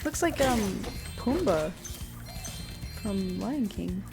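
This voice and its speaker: A woman's voice: medium pitch, expressive, takes it slowly, gravelly. A woman streamer chatting casually and laughing as she plays a video game. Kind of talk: casual gameplay commentary. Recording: game music behind.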